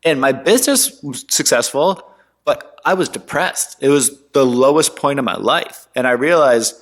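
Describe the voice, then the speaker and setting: A man in his twenties, a guest entrepreneur, telling his story in a casual interview in an animated, slangy way. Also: medium pitch, normal speed. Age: 20s. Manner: animated, slangy, mimics others in quotes.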